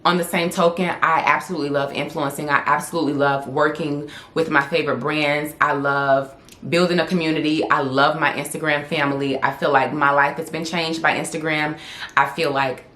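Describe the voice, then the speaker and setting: A woman's voice: low voice, steady tone, brisk, a bit bright. A young woman, chatting candidly and laughing often in a casual Q&A vlog. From Southern United States. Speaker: vlogger and influencer. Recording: echoey room.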